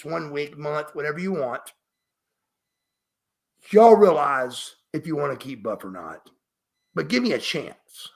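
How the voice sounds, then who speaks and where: A man's voice: fairly high pitch, creaky, a bit bright. A middle-aged man, emphatic and profane, telling a story as a podcast guest. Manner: emphatic, profane, refers to himself by name. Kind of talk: storytelling interview.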